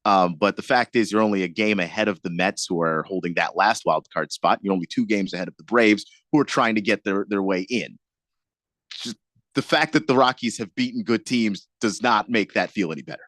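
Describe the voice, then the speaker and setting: A man's voice: on the low side, brisk, fairly bright tone, no echo, studio quality. A man co-hosting a casual sports radio show. He laughs often and stumbles over his restarts.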